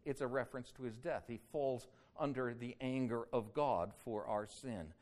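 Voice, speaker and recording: A man preaching a sermon that explains a Bible passage verse by verse, rising loud on quoted cries and dropping low and slow on solemn points. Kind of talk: expository sermon.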